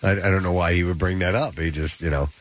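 A man's voice: sits low, fairly even intonation, fast talker, a little hiss or hum. A man with a sore throat and the sniffles, hosting a morning radio show and reading entertainment news with asides.

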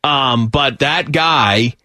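A man's voice: mid-range voice, very slow, bright, forceful tone, no echo, clean studio sound. A man co-hosting a radio talk show, telling stories in casual banter and laughing as he jokes. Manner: laughing, joking storyteller.

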